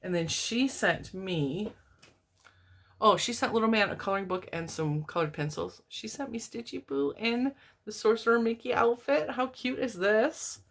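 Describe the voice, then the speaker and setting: Chatty woman, laughs a lot. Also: normal speed. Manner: chatty and rambling, laughs often, pitch leaps up when excited. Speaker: crochet vlogger opening mail from viewers. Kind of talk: casual chat. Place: home, indoors, TV on in the room.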